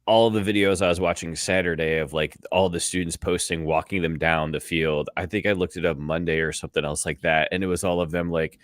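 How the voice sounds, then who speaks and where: A man co-hosting a sports podcast in casual chat, joking and swearing in a lively way. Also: low-pitched, brisk, hardly any pauses, no echo, studio quality. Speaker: podcast co-host.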